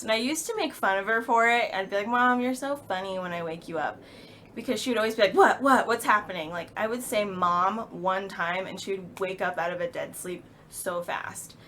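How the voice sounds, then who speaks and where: A young woman in her twenties, a vlogger, telling an emotional personal story with halting speech and many fillers. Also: medium pitch, bright, forceful tone, slight background noise.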